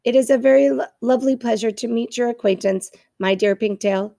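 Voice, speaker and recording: A woman's voice: fairly high pitch, fairly quick, vocal fry, warm tone. Woman voicing a prim formal robot lady. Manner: formal, carefully precise wording. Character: polite stiff female robot, formal and earnest.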